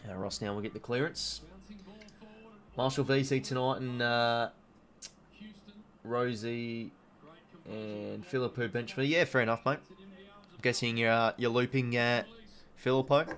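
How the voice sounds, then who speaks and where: Here a twenty-something Australian man hosts a casual watch-along stream, reading out viewer comments, chatting freely and saying "mate" often. His mid-range, somewhat bright voice stays steady and unhurried, with long pauses.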